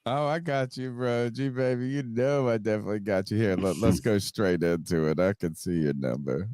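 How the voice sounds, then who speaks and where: A man's voice: on the low side, moderate pace, darkish tone, dry recording, clean studio sound. A man hosting a sports podcast, teasing his co-hosts in a laid-back way. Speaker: podcast host. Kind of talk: casual sports podcast chat.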